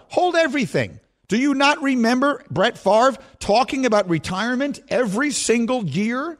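A man's voice: very high-pitched, animated, moderate pace, hardly any pauses. A man hosting sports radio, giving emphatic opinion commentary full of rhetorical questions.

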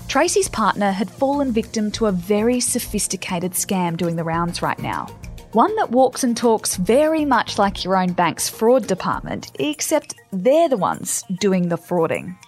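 A woman reads a scripted news report in a polished delivery, her pitch swinging in a lively way. Music is clearly heard behind her. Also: measured pace.

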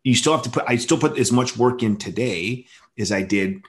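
A man's voice: mid-range voice, moderate pace. A man hosting a casual conversation, blunt and profane, often stammering as he restarts his sentences.

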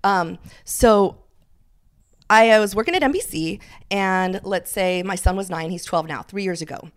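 A middle-aged woman chatting as a podcast guest, telling her story lively and acting out what people said. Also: medium pitch, moderate pace, smooth. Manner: animated storyteller, acts out quotes. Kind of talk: casual interview chat.

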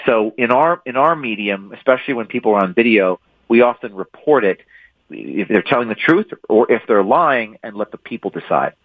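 A man's voice: lowish voice, very animated, a little fast, no echo. A man being interviewed as an author, answering emphatically and often repeating and restarting words. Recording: thin phone-line audio.

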